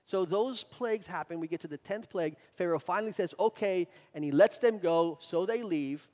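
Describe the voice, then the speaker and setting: A man's voice: sits high, moderate pace, a little mellow. A male pastor preaching a sermon, building in intensity and repeating words as he drives points home. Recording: reverberant hall.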